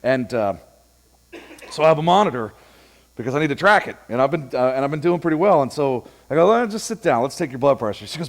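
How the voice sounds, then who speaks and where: Animated and fast-talking, a pastor with a mid-range voice delivers a relaxed, conversational church sermon, sharing humorous stories and playing both parts of each exchange.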